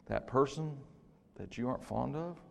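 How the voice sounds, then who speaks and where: An older man with a gravelly voice preaches a sermon in a church, dropping low and then rising loud, with joking asides between points. His voice rings with a long reverb from the hall. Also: normal speed. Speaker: pastor. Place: church sanctuary.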